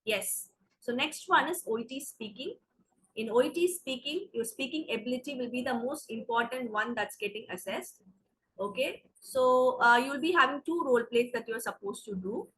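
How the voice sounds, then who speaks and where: In a high, fairly bright voice at normal speed, a woman with an Indian English accent teaches an exam preparation class. She explains things step by step and keeps checking in with "okay," though the audio is poor.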